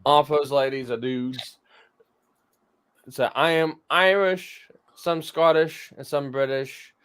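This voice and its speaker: A man's voice: on the high side, slow pace, fairly bright tone, clean tone. A man hosting a livestream, swearing, laughing and reading chat aloud in mock voices. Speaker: host.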